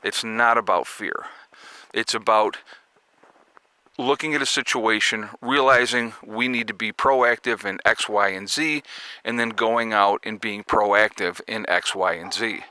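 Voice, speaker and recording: A man's voice: fairly low pitch, measured pace, pushed and bright, clean tone, dry recording. A man vlogging about prepping in a rambling, chatty way, with sarcastic asides, outdoors at home. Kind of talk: casual chat to camera.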